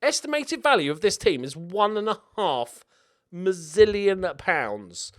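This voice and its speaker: A young man giving excitable, jokey let's-play commentary with frequent swearing while talking to himself. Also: high-pitched, unhurried. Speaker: video game streamer.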